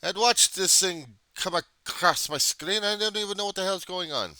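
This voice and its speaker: A man voicing a stern mock Soviet comrade in a fake Russian accent, slow and theatrical. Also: sits high, pushed and bright, no echo, pitched above the performer's own voice.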